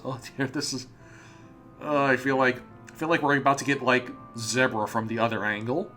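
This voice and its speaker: A man's voice: medium pitch, fairly even intonation, moderate pace, bright, forceful tone, soft background music. A man hosting a let's play, reading a visual novel aloud with amused commentary and frequent stumbles. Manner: amused, often laughing and stumbling over words.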